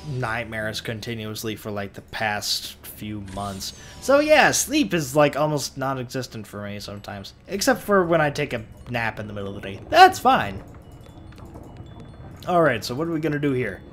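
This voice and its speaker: A man's voice: mid-range voice, very animated, moderate pace, a bit bright, faint music behind. A man doing casual let's play commentary, tired and yawning, rambling and talking to himself with frequent restarts.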